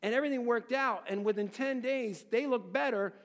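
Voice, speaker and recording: A man preaching an expository sermon, dramatic and questioning, swinging between loud exclamations and near-hushed phrases. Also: very high-pitched, brisk, in a large hall. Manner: asks the listeners rhetorical questions. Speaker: pastor.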